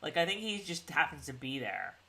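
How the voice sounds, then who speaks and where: A middle-aged woman chatting through a TV recap on a video call, her fairly low voice swinging widely in pitch. She has a bright, forceful tone. She rambles, restarting her sentences and filling them with "like.". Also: very animated, fairly quick, creaky. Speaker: podcast co-host. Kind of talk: casual TV recap chat.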